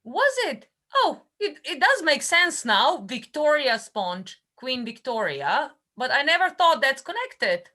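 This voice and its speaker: Slow, hesitant woman with a bright voice. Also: high-pitched, sing-song. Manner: hesitant, many fillers. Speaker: guest. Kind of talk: casual online chat.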